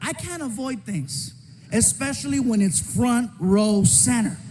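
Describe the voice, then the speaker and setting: High-voiced man doing animated stand-up. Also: measured pace. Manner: animated, shouting bursts, lots of character voices. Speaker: stand-up comedian. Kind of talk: stand-up comedy storytelling. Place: comedy stage before a live audience. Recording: stand-up recording with audience noise.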